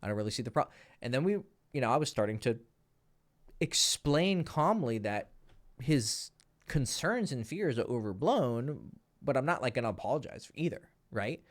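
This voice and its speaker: A man coaching viewers on dating tells a story in a loose, casual way. His voice sits at an ordinary mid pitch and swings between quiet asides and loud, laughing bursts. He swears freely. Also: lively intonation, unhurried.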